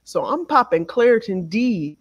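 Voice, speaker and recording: A woman co-hosting a casual podcast, telling stories in an animated, joking way over a remote call from abroad. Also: mid-range voice, husky, lo-fi sound. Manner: drawn-out, animated storytelling. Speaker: podcast co-host. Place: home abroad.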